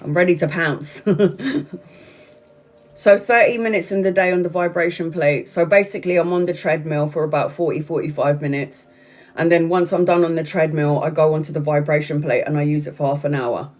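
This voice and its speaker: A woman's voice: low voice, fairly even intonation, fairly quick, faint music behind. Chatty woman telling a livestream story. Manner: chatty, repetitive storytelling with frequent swearing. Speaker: tarot reader on a livestream. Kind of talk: casual livestream chat.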